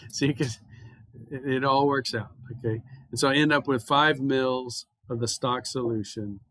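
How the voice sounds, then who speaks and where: A man's voice: mid-range voice, a bit bright, no room sound. A male chemistry instructor giving a university classroom lecture, explaining calculations step by step in a conversational way. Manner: explanatory and conversational, talks students through steps.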